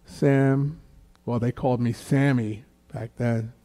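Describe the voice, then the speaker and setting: Man, church testimony, very mellow dark tone, slow deliberate delivery, storyteller. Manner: slow, unhurried storytelling that raises the pitch for quoted voices. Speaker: guest speaker at a church Q&A.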